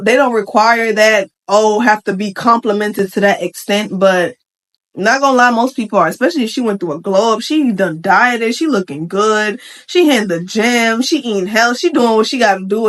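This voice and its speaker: A young woman with a slightly high voice talks straight to the camera as a vlogger. She is chatty and slangy, with frank opinions and quick asides. It sounds like a casual reaction video. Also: animated, fairly bright tone. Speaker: vlogger reacting to a Reddit post. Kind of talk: casual commentary.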